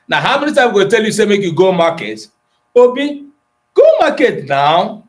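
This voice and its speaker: A man teaching an Igbo grammar lesson to an online class, addressing students by name and moving between English, Igbo and Pidgin. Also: fairly high pitch. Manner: slow and deliberate, with pauses and repetitions.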